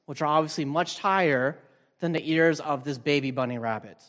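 Pastor preaching in a reverberant hall. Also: male voice, fairly high pitch, moderate pace. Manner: relaxed, thinking aloud with frequent fillers and restarts. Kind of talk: conversational sermon. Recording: long reverb from a large hall.

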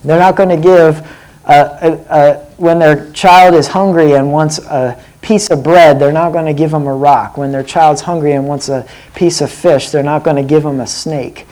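A man's voice: a little high, fairly even intonation, moderate pace, darkish tone, poor audio. A man preaching a sermon in an earnest way, often putting direct questions to his listeners.

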